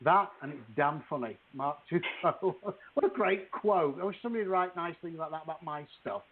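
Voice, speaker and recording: A man talks and reads aloud over a thin, phone-like line. His voice sits fairly high for a man, and he rambles with many restarts before settling into the reading. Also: fairly quick. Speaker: author guest. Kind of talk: casual podcast chat and book reading. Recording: tinny phone-like call audio.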